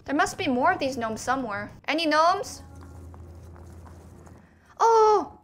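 A young woman with a high, bright voice gives playful game commentary and chats with the characters on screen. She breaks into sudden yelps now and then. A faint hiss sits under her voice. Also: animated, a little fast. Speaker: gaming commentator. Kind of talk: let's play commentary.

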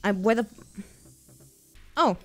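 A young woman streaming a VR game from home, with a slightly high voice. She rambles in a jokey, giggly way, swears freely and bursts into panicked yelps. Faint game music plays under her headset mic. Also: lively intonation, slow pace. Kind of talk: casual livestream gaming chatter. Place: at home, playing in VR.

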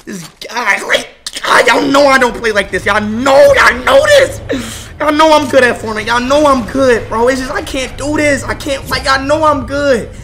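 A young man live-streaming a video game, ranting loudly about his own play, swearing and swinging from low mutters to shouts. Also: moderate pace, soft background music.

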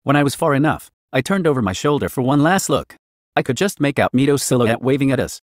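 Man reading fan fiction, lively and dry. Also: medium pitch, brisk, no room sound. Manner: narrates in first person as a teenage girl.

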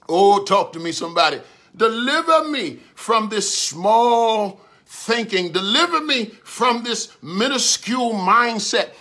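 A man preaching a livestreamed sermon, swinging from calm talk to shouted repeated prayers. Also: high-pitched, takes it slowly. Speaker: pastor.

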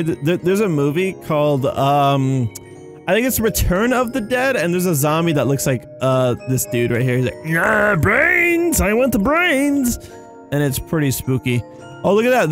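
A young man talks through a sandbox game in a loose, rambling way, tired yet quick to get excited. His voice sits fairly high and jumps around a lot. Faint music plays under him. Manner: excitable, rambling, says "dude" and "you guys". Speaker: gaming YouTuber. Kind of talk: casual gameplay commentary.

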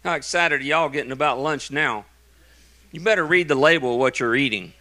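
Folksy pastor with a bright, forceful voice. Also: male voice, medium pitch, brisk. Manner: folksy, joking asides between emphatic preaching. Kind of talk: sermon. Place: church sanctuary.

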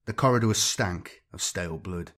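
A man narrating a science-fiction story in a measured, steady storytelling voice. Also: low voice. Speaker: audiobook narrator.

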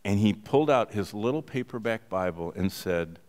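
A man's voice: fairly low pitch, moderate pace. Emphatic preacher man in a reverberant hall. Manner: animated storytelling, emphatic. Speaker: pastor. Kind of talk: sermon.

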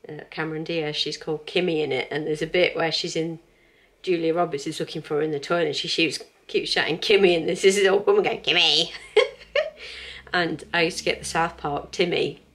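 At home, an English woman in her thirties rambles chattily through a relaxed vlog at a quick pace. Her voice sits a little low, and she laughs easily between thoughts.

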